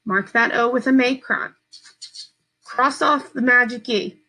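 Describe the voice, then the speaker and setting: A woman teacher giving a slow, patient, step-by-step phonics lesson to young children from home. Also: a little high, pushed and bright, poor audio.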